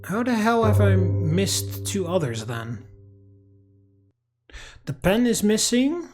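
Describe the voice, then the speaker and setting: A man's voice: high-pitched, very animated, slow, over music. A man giving profane, angry let's-play commentary while ranting at a game. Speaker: gaming YouTuber.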